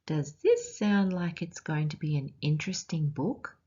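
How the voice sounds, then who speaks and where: An Australian woman reads a picture book aloud at an unhurried pace, stopping to ask the children questions. Her voice sits a little low, and she reads it with expression. The recording is muffled and lo-fi. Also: dark tone, husky. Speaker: teacher.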